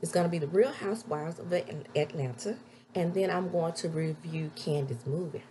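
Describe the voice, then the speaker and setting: A woman recapping a TV episode in a casual, chatty way, with sudden loud high exclamations. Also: normal speed, slight background noise. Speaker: TV episode reviewer.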